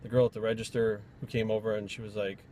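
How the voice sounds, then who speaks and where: A man's voice: fairly low pitch, flat delivery, fast talker, dark tone, a little hiss or hum. A man from Rhode Island, a fitness trainer, telling stories in a blunt, profane, rambling vlog rant.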